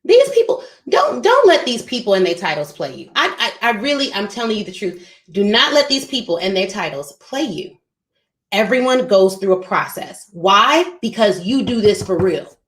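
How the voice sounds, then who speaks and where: Animated woman giving business pep talk. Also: medium pitch, normal speed, roomy sound. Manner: emphatic, preachy, addresses listeners as y'all. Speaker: podcast host.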